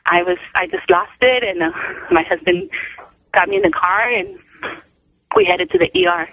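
Middle-aged woman, gravelly voice on a tinny phone line. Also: extremely high pitch, big pitch swings, moderate pace, slight background noise. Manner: rambling, restarts sentences, acts out quotes. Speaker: interview guest, mother. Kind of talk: telling a family story over the phone. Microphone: telephone.

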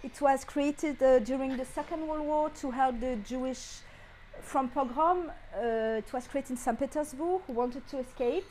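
A middle-aged woman, a native French speaker, talks to an audience in English with a clear French accent, her voice sitting high. As a guest speaker she tells her anecdotes in a lively way at normal speed, acting out what people said and laughing often. There's a little hiss or hum in the recording.

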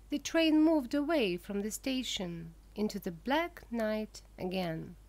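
A woman narrating a graded-reader audiobook in a slow, clear reading voice. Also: a little high, darkish tone.

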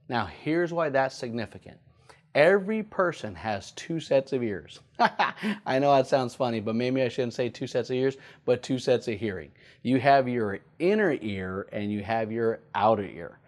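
A male pastor delivers a teaching sermon in a mid-pitched voice. He often repeats his key points and slows down to stress them. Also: expressive, darkish tone.

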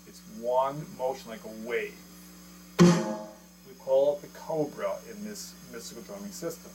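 A man's voice: mid-range voice, measured pace, mellow, faint music behind, low-quality recording. Man counting beats in a drum lesson. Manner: explains step by step, counts beats aloud, checks in with "okay?". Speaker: drum teacher. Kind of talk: casual video drum lesson. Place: indoor room with electronic drum kit. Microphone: camera mic.

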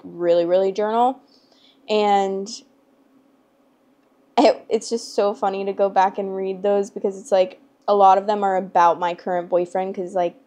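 A young adult woman hosting her storytime channel, talking in a chatty, rambling, emotional way with lots of "like" fillers. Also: mid-range voice. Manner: chatty and rambling, heavy use of "like"; emotional and expressive. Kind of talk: casual chat to camera.

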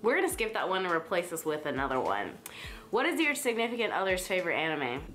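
A woman vlogger reads out questions to her partner in a relaxed, giggly way. Her voice is on the lower side but swings up and down a lot, and faint music hums underneath. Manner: giggly, quick to laugh. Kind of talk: casual couple's tag video chat.

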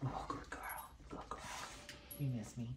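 A man, a father home from deployment, talking softly and fondly to his toddler and dogs in a home video. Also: measured pace, slight background noise. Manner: doting, soft-spoken with family and dogs. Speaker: returning soldier father. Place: family home, indoors.

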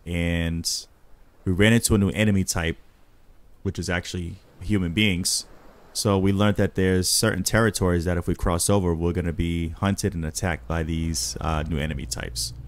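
A man's voice: deep voice, steady tone, moderate pace. A man hosting his gaming channel, chatting loosely and rambling as he plays. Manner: laid-back, rambling, chatty. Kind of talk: casual gameplay commentary.

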